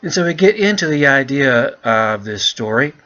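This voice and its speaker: A man teaching English, walking students through an essay in a relaxed, chatty way and calling them "guys". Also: mid-range voice, moderate pace, dull audio. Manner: relaxed, chatty, keeps addressing the class as "guys".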